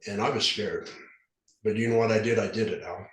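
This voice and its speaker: A recovery specialist of about fifty from southern Utah, a man with a fairly low, bright voice, guests on a podcast and talks a little fast in a steady tone. He has a slight lisp from dentures and tells candid stories earnestly and ramblingly, restarting often. The recording has roomy echo and a little hiss or hum.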